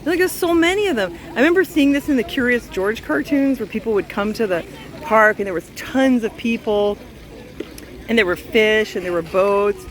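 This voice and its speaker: A Canadian travel vlogger with a fairly high, lively voice walks through an outdoor city park at a moderate pace, gushing and exclaiming into a handheld phone. The recording is low quality, with park noise in the background.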